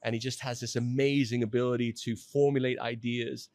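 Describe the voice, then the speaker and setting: Middle-aged man, emotional storyteller, halting restarts, close dry mic, mid pitch. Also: level tone, a little mellow, dry recording. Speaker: company president telling his story as podcast guest. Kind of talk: candid conversational storytelling.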